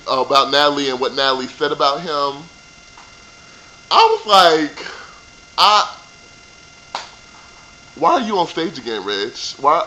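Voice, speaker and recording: A man's voice: on the high side, bright, forceful tone, slight background noise, poor audio. A young man ranting casually about a reality show reunion, sassy and profane. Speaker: vlogger reviewing a reality show. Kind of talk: casual rant.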